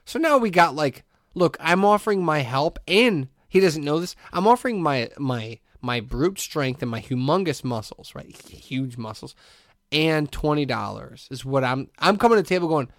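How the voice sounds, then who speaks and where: A man's voice: fairly high pitch, no room sound, clean studio sound. A man co-hosting a podcast, telling a long story in casual chat, acting out the voices of the people in it and laughing often. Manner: animated storyteller, acts out quotes, laughs often. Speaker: podcast co-host.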